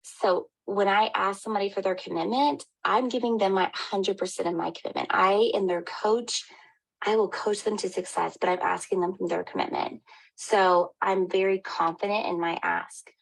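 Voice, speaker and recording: A woman's voice: mid-range voice, fairly even intonation, moderate pace, creaky, low-quality recording. A woman, a health coach giving an upbeat, encouraging pep talk to her team. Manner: upbeat, encouraging, addresses listeners as y'all. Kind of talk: motivational team call.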